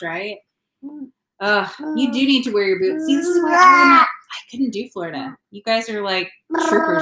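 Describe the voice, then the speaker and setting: A woman's voice: high-pitched, animated, moderate pace, reverberant, very noisy. A woman in her thirties from California, chatting casually on a home live stream, rambling and laughing often. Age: 30s. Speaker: vlogger. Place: home, indoors.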